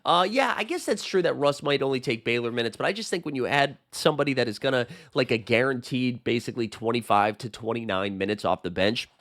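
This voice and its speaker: A man with a Boston accent hosting a casual sports chat, his voice hoarse from being sick, talking in a rambling way with lots of fillers. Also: mid-range voice, lively intonation, fast talker, hardly any pauses, a bit bright, no echo, clean studio sound. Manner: chatty, rambling with many fillers. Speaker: sports channel host.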